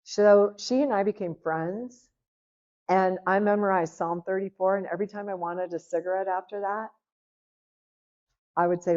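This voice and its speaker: A middle-aged woman giving a personal testimony at a church seminar, telling her story in a lively way and acting out the dialogue. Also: lowish voice, normal speed. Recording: lo-fi, dull recording.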